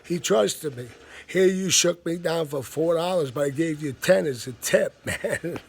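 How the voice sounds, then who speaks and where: A man in his 50s tells a story as a blunt, profane, casual rant, laughing between lines. His voice is gravelly and husky, a little high, and a little slow.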